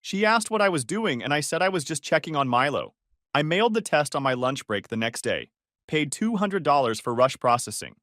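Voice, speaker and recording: A man's voice: on the high side, very animated, brisk, a bit bright, no echo, clean studio sound. A man narrating a first-person story in a confessional, tense tone.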